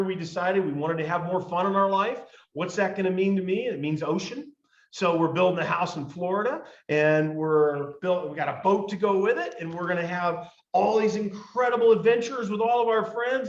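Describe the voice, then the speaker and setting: A man with a fairly high voice delivers a motivational talk to a team call. He repeats lines for emphasis and swells toward near shouts. His voice comes through a roomy, slightly muffled lo-fi line.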